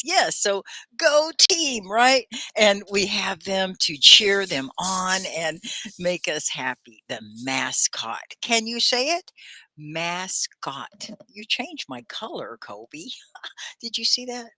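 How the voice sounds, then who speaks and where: A woman teaching a live online English class, hosting in a lively way, articulating her words clearly and often laughing. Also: low-pitched, dry recording.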